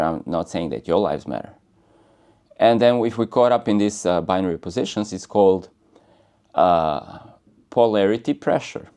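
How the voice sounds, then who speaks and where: Casual, playful, rambling man, lowish voice, spiritual chat. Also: a little mellow. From United States. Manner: playful, rambling, laughs often. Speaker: spiritual speaker. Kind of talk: casual talk.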